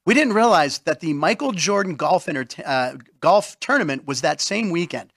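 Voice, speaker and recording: A man's voice: on the high side, expressive, moderate pace, gravelly, fairly bright tone. A middle-aged man hosting a talk show, joking, dropping names and egging his guest on to tell stories. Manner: jokey, name-dropping, eggs guests on. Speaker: host. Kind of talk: casual talk show chat.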